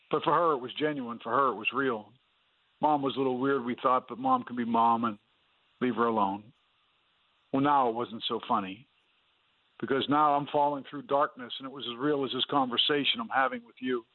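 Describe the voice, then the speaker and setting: A man's voice: medium pitch, no room sound. A man earnestly telling his personal testimony as a guest in a radio interview, with fillers and restarts. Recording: dry, phone-like radio line.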